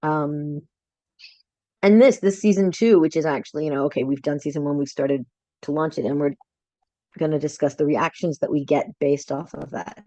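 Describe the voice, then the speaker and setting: A woman's voice: low voice, normal speed, dark tone, no room sound, poor audio. A woman co-hosting a podcast in casual chat over a video call, enthusiastic and laughing often. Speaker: podcast co-host.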